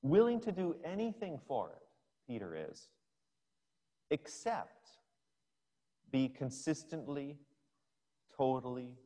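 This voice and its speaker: A man's voice: medium pitch, big pitch swings, slow pace, pauses often, mellow. A male preacher giving a sermon, retelling a scripture scene as a story for his listeners. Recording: long hall reverb.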